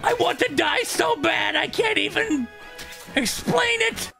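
A man doing a shrill, over-the-top parody voice of a despairing cartoon bobcat trapped inside a game. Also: animated, takes it slowly, gravelly, bright, forceful tone, soft background music, heavily acted. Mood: anguished.

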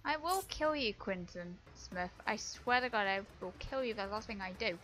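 A woman's voice: mid-range voice, expressive, normal speed, fairly bright tone, faint music behind. A young woman streaming a video game, swearing and taunting another player in a raging, profane way. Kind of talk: live gameplay commentary.

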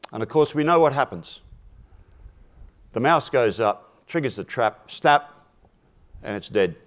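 Man, forum speaker, storytelling, measured, deliberate, lowish voice. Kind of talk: storytelling a fable in a talk.

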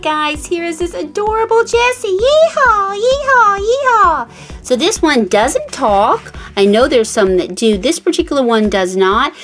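A woman with a voice on the high side hosts a toy unboxing channel, talking excitedly to children, gasping and calling the viewers guys.

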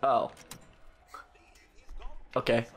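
A man giving casual let's play commentary, excitable and profane, often yelping and laughing. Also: very slow, soft background music.

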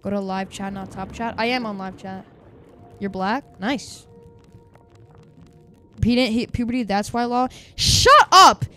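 Male livestreamer, high boyish voice, excitable, loud sudden outbursts, casual chatter, faint music behind. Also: unhurried, pauses often. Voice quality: high youthful voice. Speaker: game livestreamer. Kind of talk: casual live-stream chatter to viewers.

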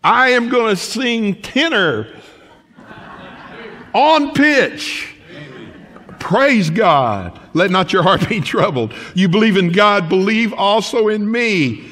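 A middle-aged man, preaching a folksy sermon as pastor of his church. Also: high voice. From United States. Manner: lively, folksy preaching with laughs and quoted asides. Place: church sanctuary.

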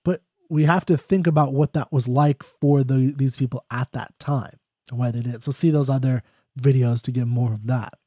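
Male lecturer, mid-pitched and mellow, conversational, reads the verse slowly. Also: steady tone, no echo, studio quality. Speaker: poetry explainer. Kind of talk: casual spoken lecture on a poem.

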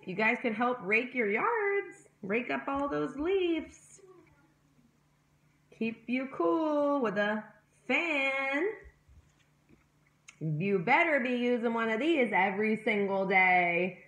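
A woman teaching young children at circle time, speaking slowly and encouragingly as she goes over words one by one. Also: a little high, expressive, a bit bright. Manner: slow, sing-song and encouraging, addressing young children. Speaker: preschool teacher. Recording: roomy echoey home room.

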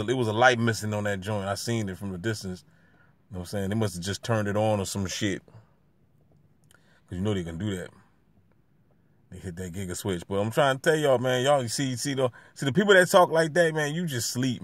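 Outdoors by a street, a man vlogs with a handheld camera, giving slangy running commentary that swings from low mutters to loud jeers. The recording is dry.

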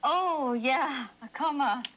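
A woman's voice: high voice, takes it slowly, a bit bright, low-quality recording. A woman acting as a chatty, down-to-earth young woman in an educational TV sketch, speaking in a wry, matter-of-fact way.

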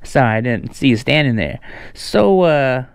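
A man's voice: mid-range voice, lively intonation, creaky, clean tone, no echo, studio quality. A man vlogging in a casual, joking way, drawing out his words with fillers. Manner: joking, drawn-out delivery with fillers. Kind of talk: casual vlog talk.

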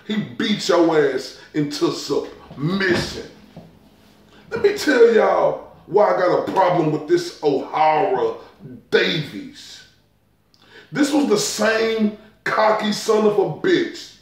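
A high-voiced man rants about boxing in a heated, mocking, profane way and drags out his words for emphasis. He talks slowly, standing back from the mic in a very echoey room. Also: recorded from a distance. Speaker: boxing talk show host. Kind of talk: ranting commentary.

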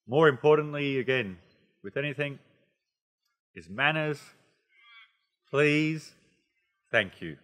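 A man with an Australian accent giving a casual, chatty English lesson, animated and playful, with many asides. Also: fairly high pitch, slow pace, long pauses, in a large hall. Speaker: English teacher.

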